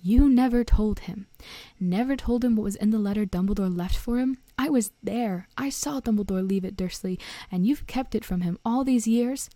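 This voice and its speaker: A gruff, hot-tempered giant of a gamekeeper who booms and blusters at everyone around him, voiced by a woman reading the story aloud. His voice sits warm and mellow, with a close, dry sound to it. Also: steady tone, brisk, dry recording, lightly acted. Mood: furious. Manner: booming, blustering.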